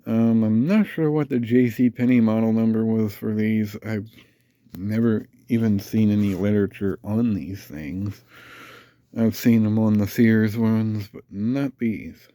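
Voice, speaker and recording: A man with a congested, stuffed-up voice talks in an easygoing, rambling way, thinking aloud with plenty of little fillers. His voice sits a little low and sounds very dark and mellow. He takes his time, drawling slowly through each thought. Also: fairly even intonation, dry recording, studio quality. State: congested, nasal from a cold. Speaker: fan collector reviewing a vintage fan. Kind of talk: casual show-and-tell vlog.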